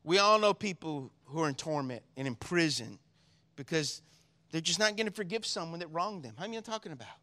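A man preaching a sermon as pastor, drawing in the congregation with call-and-response asides, moving between quiet solemn reading and loud excited preaching. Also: a little high, a little fast.

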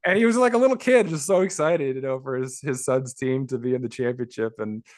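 A man in his forties from Los Angeles, a book author, telling childhood stories as a guest in an interview, animated and often laughing, with frequent restarts. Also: mid-range voice, a little fast. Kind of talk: conversational storytelling.

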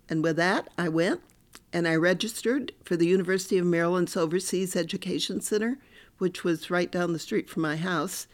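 A woman's voice: fairly low pitch, moderate pace. An older woman, a professor, telling her own story candidly and with animation as a podcast interview guest.

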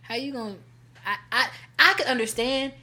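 Animated woman telling a story, slangy. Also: high voice, moderate pace. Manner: animated, slangy, acts out quotes. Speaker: podcast co-host. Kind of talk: casual storytelling chat.

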